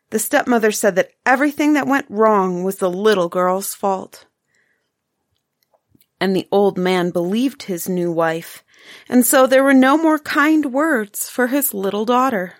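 A woman reading a fairy tale aloud as storyteller, gentle and measured. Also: mid-range voice, dry recording, studio quality.

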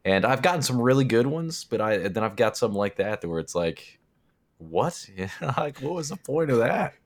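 A man's voice: mid-range voice, big pitch swings, moderate pace. A man co-hosting a casual podcast, making dry, teasing remarks and laughing along. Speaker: podcast co-host.

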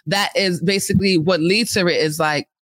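A man co-hosting a podcast, swearing freely and telling stories in an animated way. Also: sits high, normal speed, no echo, clean studio sound. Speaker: podcast co-host. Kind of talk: casual chat.

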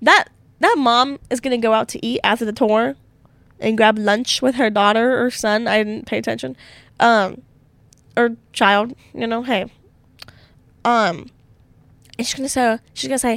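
Casting: young woman, solo podcast host, chatty and giggly, bright high voice, dry close mic. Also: measured pace, vocal fry, pauses often, no room sound. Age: young adult. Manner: rambling, giggly, filler-heavy. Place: college dorm room.

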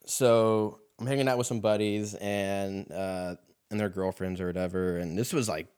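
Young man, podcast host, casual comedic storytelling, rambling, profane, lots of fillers, lowish voice, laundromat. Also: fairly even intonation, moderate pace, darkish tone, clear, resonant tone.

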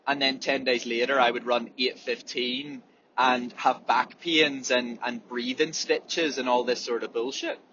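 Bright-voiced man, candid and sweary. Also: medium pitch, steady tone, a little slow, muffled recording, slight background noise. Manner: candid, swears freely, demonstrates breathing sounds. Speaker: runner. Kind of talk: casual monologue.

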